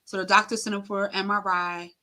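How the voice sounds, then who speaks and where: A middle-aged interview guest stumbles through an emotional personal account, packed with fillers and performed quotations. She speaks in a mid-range voice with little pitch movement and a sharp tone.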